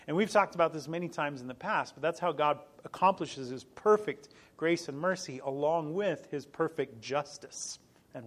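A middle-aged man preaching a sermon as pastor, earnest and emphatic, repeating key phrases and breaking into small laughs. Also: a little high. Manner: frequent small laughs and restarts.

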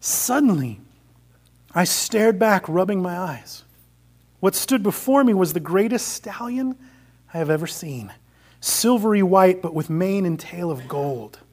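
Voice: mid-range voice, expressive, measured pace, slightly rough. A preacher giving a sermon, retelling a story and exhorting the congregation. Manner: earnest, exhorting.

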